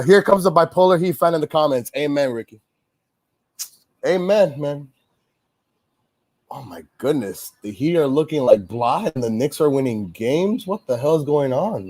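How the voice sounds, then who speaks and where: Frustrated and cursing, a sports show host vents in casual pregame-style chat, rambling and restarting as he goes. He speaks in a mid-range voice with a darkish tone.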